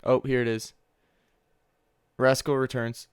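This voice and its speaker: Young man, co-host, casual esports chat, clear resonant tone, dry close recording. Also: little pitch movement, slow pace, no room sound. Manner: laughing, mimics players in high squeaky voices. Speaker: podcast co-host.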